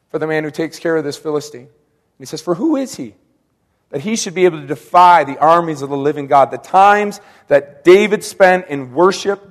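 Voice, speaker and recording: Emphatic male preacher in a reverberant hall. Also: a little high. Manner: emphatic, repeats key lines, acts out quoted speech. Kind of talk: sermon.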